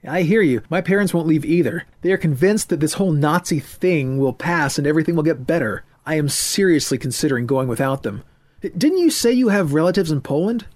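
A man's voice: on the high side, lively intonation, a little fast, darkish tone, pitched above the performer's own voice. A man voicing a panicked, hysterical young man who talks in a frantic, urgent, raised voice, in an audiobook. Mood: anxious.

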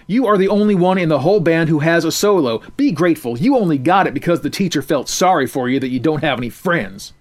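A man voicing an angry, scornful teenage boy who shouts insults at a bandmate. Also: a little high, lively intonation, quick pace, hardly any pauses. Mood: scolding.

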